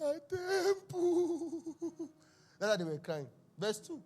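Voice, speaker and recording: A man's voice: high-pitched, expressive, brisk. A young man preaching a sermon at a church service, telling the story with laughs and exclamations. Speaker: pastor.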